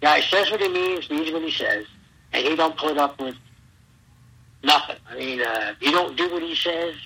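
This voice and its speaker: A man's voice: on the high side, normal speed, husky, poor audio. A middle-aged man, a former pro wrestler, telling stories as an interview guest and acting out the lines of the people he quotes. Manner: animated storyteller, acts out quotes loudly. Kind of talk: storytelling interview.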